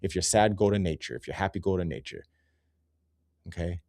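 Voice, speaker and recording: A man's voice: sits low, expressive, a little fast, vocal fry, long pauses, darkish tone, no room sound, clean studio sound. A man hosting a rambling, profane comedy commentary over nature photos, easily sidetracked and loose in his talk. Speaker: host.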